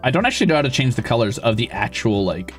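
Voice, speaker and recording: A man streaming and chatting casually, excitable and profane, with sudden loud outbursts. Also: medium pitch, fast, soft background music. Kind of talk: casual live-stream chat.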